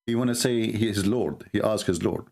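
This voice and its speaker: A man's voice: fairly low pitch, moderate pace, gravelly, darkish tone. A man giving a sarcastic, mocking monologue as a religious debater, full of scornful rhetorical questions.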